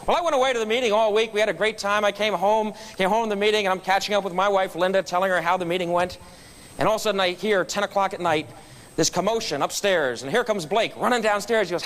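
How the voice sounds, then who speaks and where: Club guest speaker, male, light high voice, story-driven and comic. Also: animated, fast talker, fairly bright tone, a little hiss or hum. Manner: storytelling with punchlines. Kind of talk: humorous motivational speech. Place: meeting room.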